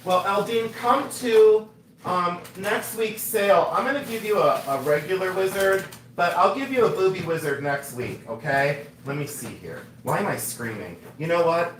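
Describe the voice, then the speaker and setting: A man hosting a live jewelry sale stream, chatting excitedly, joking and laughing with viewers. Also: sits high, moderate pace, a little hiss or hum. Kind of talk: casual live-stream sales chat.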